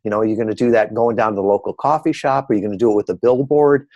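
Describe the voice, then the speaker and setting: A man's voice: fairly low pitch, fairly even intonation, rapid-fire, darkish tone, no room sound, lo-fi sound. Earnest man guest, dry sound. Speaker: podcast guest. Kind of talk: casual interview chat.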